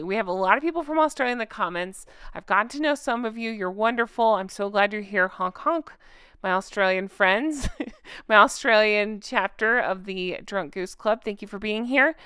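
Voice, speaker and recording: Giggly, bright-voiced woman host. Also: fairly high pitch, clear, resonant tone, dry recording, clean studio sound. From United States. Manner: chatty, giggly, sarcastic. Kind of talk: casual video chat.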